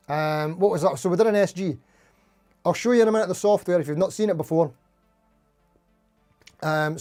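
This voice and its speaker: A man's voice: high-pitched, a little mellow. A man hosting a casual live stream, chatting and greeting viewers one by one. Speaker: livestream host.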